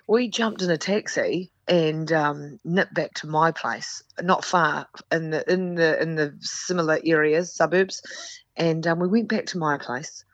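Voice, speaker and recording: A woman's voice: sits low, a little slow, no echo, highs cut off. A woman, telling a story on a podcast in a candid, self-mocking way and acting out what people said. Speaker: podcast guest. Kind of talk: casual storytelling.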